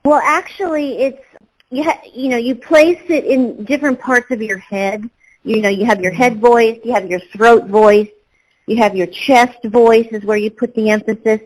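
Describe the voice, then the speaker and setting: Higher-voiced woman, chatty voice-actor guest. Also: steady tone, normal speed, poor audio. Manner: rambling, with many fillers and restarts. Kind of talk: interview answers.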